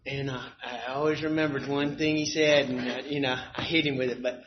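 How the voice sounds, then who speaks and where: A man introducing a friend as speaker, halting and restarting his words. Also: mid-range voice, steady tone, background noise. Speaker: event host introducing the speaker. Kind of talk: introduction speech. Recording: lo-fi live hall recording.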